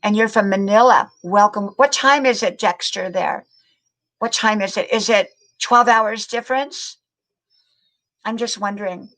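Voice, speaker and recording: Older woman, live-stream host, casual chat, greets viewers by name, repeats words, middle pitch. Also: measured pace, a bit bright, poor audio. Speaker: livestream host.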